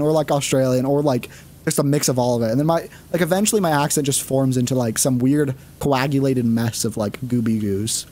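A man's voice: on the high side, fast talker, a little mellow. A man streaming a game, chatting casually and rambling with plenty of fillers. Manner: rambling, lots of fillers and laughs. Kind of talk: casual chat.

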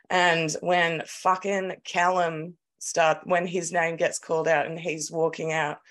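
An Australian woman co-hosting a podcast, telling a story in an animated, sweary, casual way. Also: low voice. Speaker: podcast co-host. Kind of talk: casual chat.

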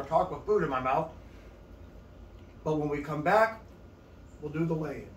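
A man hosting a casual wrestling show, excitable and loud when hyping. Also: fairly high pitch, moderate pace, pauses often. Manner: excitable, loud hype delivery. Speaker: show host. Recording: echoey room from far off with faint noise.

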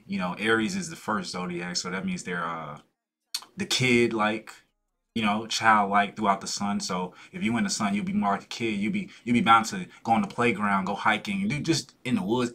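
A man's voice: lowish voice, bright, forceful tone. A young man hosting a reaction video, chatting in a laid-back way and laughing often. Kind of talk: casual reaction commentary.

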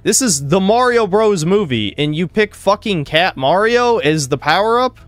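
A man's voice: sits high, lively intonation, normal speed, dry recording. A man hosting a casual podcast, ranting crudely with heavy swearing. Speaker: podcast host. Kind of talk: casual gaming podcast chat.

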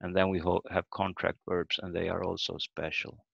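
A man's voice: low-pitched, little pitch movement, normal speed, gravelly, a bit bright, slightly rough, dry recording. A man teaching a language lesson over a video call, explaining step by step and sounding out words letter by letter. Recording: dull lo-fi video call audio.

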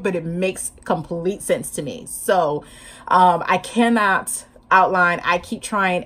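In a mid-range voice, this woman chats to camera about her writing in a laid-back vlog. She's energetic and talkative, gesturing as she speaks, laughing frequently, and sounding slightly sleep-deprived.

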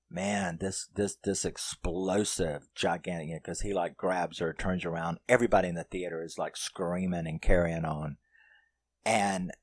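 A man's voice: low-pitched, a little mellow, no room sound. A man reviewing a horror film in casual, profane storytelling, retelling its plot scene by scene.

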